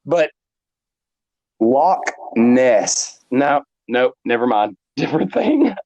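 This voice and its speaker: A man's voice: mid-range voice, very animated, a little slow, darkish tone, lo-fi sound. A man co-hosting a podcast in casual chat, given to crude, teasing banter. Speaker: podcast co-host.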